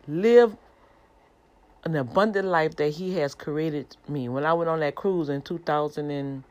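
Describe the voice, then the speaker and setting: Middle-aged woman, deep voice, informal animated preacher. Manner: conversational, animated, addresses listeners as y'all.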